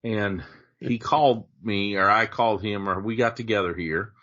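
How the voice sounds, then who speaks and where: A man with a bright, forceful voice co-hosts a casual podcast, rambling through opinionated, conspiratorial rants. The sound is muffled and lo-fi. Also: lowish voice, moderate pace. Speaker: podcast co-host.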